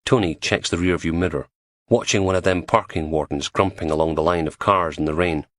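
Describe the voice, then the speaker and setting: A man's voice: deep voice, fairly quick, a bit bright, no echo. A man narrating an audiobook crime thriller in a dry, wry storytelling manner on a close studio mic.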